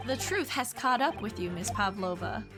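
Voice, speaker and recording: A woman voicing a pompous gentleman detective who declaims grandly over game music. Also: medium pitch, animated, moderate pace, pitched below the performer's own voice, close to an everyday voice. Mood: accusing.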